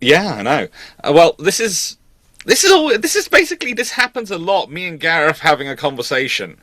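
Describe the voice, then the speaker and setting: A man hosting a history channel, chatting casually with a guest and acting out quick voices in his stories. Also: a little high, no room sound. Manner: animated, acts out voices in anecdotes. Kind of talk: casual conversation.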